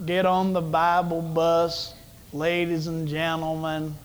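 A man putting on the slow, folksy drawl of an older male radio Bible teacher. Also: fairly high pitch, monotone, clean tone, pitched below the performer's own voice.

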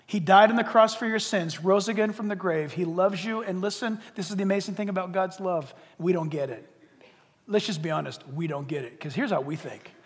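An older man preaching a sermon, animated, dropping to hushed tones and rising to loud cries. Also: sits high, fairly quick. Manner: animated, swings from hushed to shouting. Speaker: pastor. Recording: long hall reverb.

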